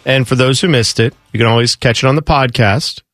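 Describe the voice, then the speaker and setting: A man's voice: mid-range voice, a little fast, a bit bright, no echo, faint music behind. A male radio co-host chiming in with agreeable, conversational reactions in a studio. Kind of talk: conversational talk radio banter.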